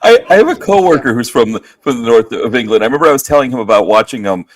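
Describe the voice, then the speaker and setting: A man's voice: medium pitch, expressive, fast talker. A middle-aged man co-hosting a podcast, chatting casually and rambling with lots of fillers. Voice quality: rambling, heavy on fillers, laughing agreement. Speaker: podcast co-host. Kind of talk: casual chat.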